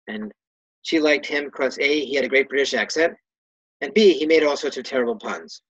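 A man's voice: mid-range voice, normal speed, fairly bright tone, husky, dry recording, muffled recording. A man leading a Torah study class, reading Hebrew and Aramaic phrases aloud and translating each one in a casual, self-correcting way. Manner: reads Hebrew and Aramaic phrases, then translates them plainly. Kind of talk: text-study lesson.

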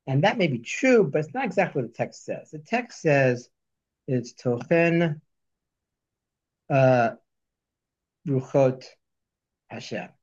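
A man teaching a text study lesson, reading Hebrew verses slowly and then explaining them. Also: mid-range voice, sing-song, lo-fi sound. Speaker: Torah teacher.

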